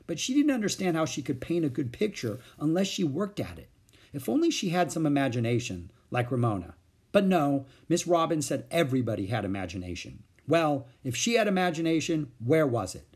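A man's voice: medium pitch, husky. A man reading a children's book aloud, narrating expressively. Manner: expressive, animated voices. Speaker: storyteller.

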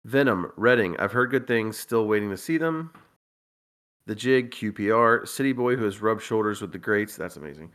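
A man with a somewhat low speaking voice hosts a casual podcast. He reads through a list at an easy pace, with wry, deadpan remarks and the odd chuckle. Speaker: podcast host. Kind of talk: casual podcast chat, reading out a listener's list.

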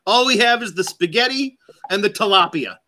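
A man with a high, bright, forceful voice chips into a crude comedy chat. He agrees readily and riffs on old slogans, his pitch moving a lot. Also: expressive, brisk.

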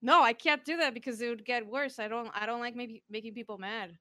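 A woman's voice: fairly high pitch, brisk, sharp tone, no echo. A young woman streamer in casual chat, giggling often and rambling with lots of fillers.

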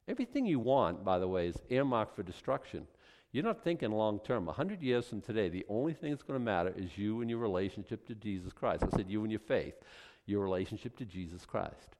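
A man delivers a sermon with a lively, swooping voice. He acts out little conversations and builds to loud, intense peaks before dropping back to a conversational tone. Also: medium pitch, quick pace. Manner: animated, acts out dialogue with rising intensity. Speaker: preacher.

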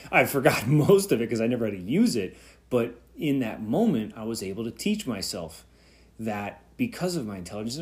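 Guy in his 30s rambling thoughtfully on his own podcast, lots of you know and uh, average pitch. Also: darkish tone. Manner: reflective, rambling with fillers and restarts. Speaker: podcast host. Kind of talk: solo podcast talk.

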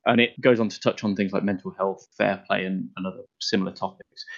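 A man's voice: low voice, steady tone, fairly quick. A man hosting a casual podcast chat, chatty and laughing often. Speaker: podcast host. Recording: dull lo-fi podcast audio.

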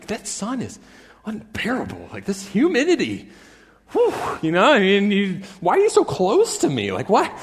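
High-voiced young preacher, reverberant hall. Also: male voice. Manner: animated storyteller, playful asides. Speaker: pastor. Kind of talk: casual sermon with acted-out quotes. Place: church sanctuary. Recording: long church hall reverb.

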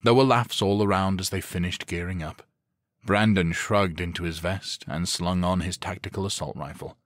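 A man narrating an action thriller audiobook in a steady, deliberate way. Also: sits low, dry recording, studio quality. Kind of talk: scripted narration.

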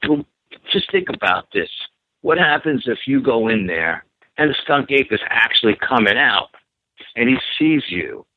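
Animated man on a tinny phone line. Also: mid-range voice, moderate pace, no echo. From New York. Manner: animated, repeats himself, acts out quotes. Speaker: guest telling an encounter story. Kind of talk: phone-in storytelling.

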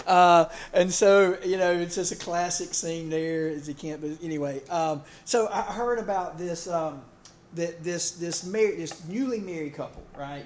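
A man preaching a sermon in a conversational, rambling way, full of fillers and restarts. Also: on the high side. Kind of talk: sermon with humorous stories. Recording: echoey room, faint ambience.

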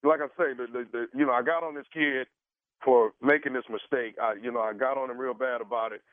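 A man's voice: medium pitch, fairly even intonation, no echo. Stammering man on a tinny phone line. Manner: halting, stammering with many fillers. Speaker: radio prank caller. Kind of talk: prank phone call posing as a caterer.

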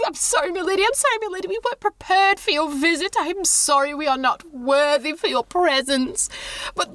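A woman's voice: very high voice, dry recording, voice pushed up. A woman voicing a panicked young male monk who stammers and grovels with apologies.

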